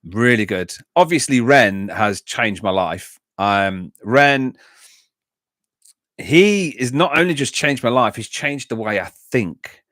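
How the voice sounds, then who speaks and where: Speaking slowly and expressively, this Englishman chats loosely on his music reaction stream, reading out live comments and replying amid frequent fillers and false starts. His pitch is medium and his tone fairly bright, captured dry with clean studio sound.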